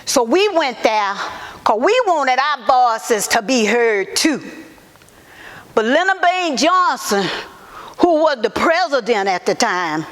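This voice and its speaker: Actress doing a woman activist, slow high voice, halting earnest testimony in an echoey hall. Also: sing-song, a bit bright, heavily acted. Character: Southern Black woman civil rights activist testifying. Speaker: actor in museum portrayal. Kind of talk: first-person historical monologue.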